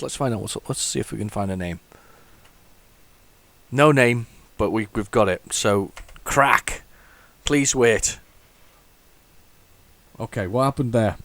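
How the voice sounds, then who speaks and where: A man's voice: mid-range voice, dry recording. A man hosting a retro computing video, talking casually as he goes, rambling and restarting often, with wry self-mocking asides. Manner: rambling, thinks aloud, frequent restarts. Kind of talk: casual running commentary.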